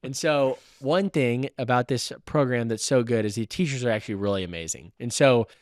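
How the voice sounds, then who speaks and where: A man's voice: medium pitch, fairly quick, no room sound, studio quality. A young man, a woodworking student, animatedly telling a story in a casual podcast chat and laughing often between sentences.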